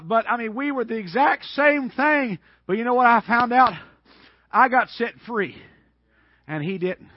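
A man's voice: very high-pitched, no echo, muffled recording. A man preaching a Baptist sermon in a folksy, emphatic way, dropping frequent amens.

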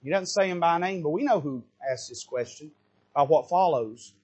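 Husky high-voiced preacher in full cry. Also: male voice, lively intonation, moderate pace. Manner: impassioned, swings between quiet asides and loud rising bursts. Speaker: pastor. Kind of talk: fiery sermon. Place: church pulpit.

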